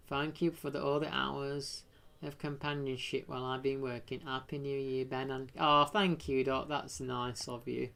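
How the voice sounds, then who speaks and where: A British man chatting casually on a live stream. He rambles, thanks viewers from the chat, and breaks into sudden excited exclamations. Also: mid-range voice, creaky.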